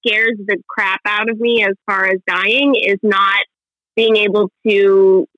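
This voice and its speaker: A woman co-hosting a casual chat, an attentive listener who chimes in with quick affirmations. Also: mid-range voice, steady tone, dry recording, muffled recording.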